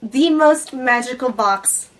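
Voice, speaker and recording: A woman unboxing gifts in a casual vlog, gushing and excitable, often breathless with delight. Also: high-pitched, slow pace, poor audio. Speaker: YouTuber unboxing a gift box. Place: home in Japan.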